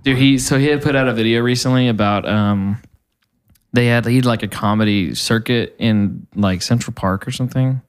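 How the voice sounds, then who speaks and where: A man's voice: medium pitch, moderate pace, clear, resonant tone. A man co-hosting a casual podcast, talking in a rambling, hesitant way. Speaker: podcast co-host.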